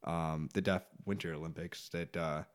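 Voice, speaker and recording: A man's voice: a bass voice, steady tone, normal speed. A man chatting as a guest on a casual podcast, explaining things at length and laughing often. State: hard of hearing. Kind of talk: casual chat.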